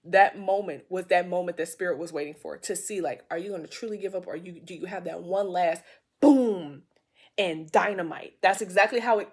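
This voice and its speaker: A woman giving a casual tarot reading, telling a rambling, excitable story full of fillers and lost words. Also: medium pitch, slight background noise. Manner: excitable, loses words mid-sentence. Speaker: intuitive tarot reader.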